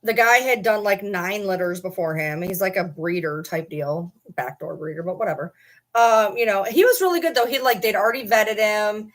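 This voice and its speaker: A woman with a medium-pitched voice at normal speed hosts a casual vlog from home. She rambles, swears offhandedly, and talks to her dogs right in the middle of sentences.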